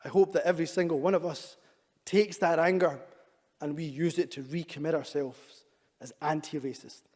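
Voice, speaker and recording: A man's voice: a little high, steady tone, normal speed, a little mellow. A man, a government minister giving an earnest, emphatic formal speech to parliament. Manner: earnest and emphatic, with repeated urging statements. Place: large debating chamber. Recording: long reverb of a debating chamber.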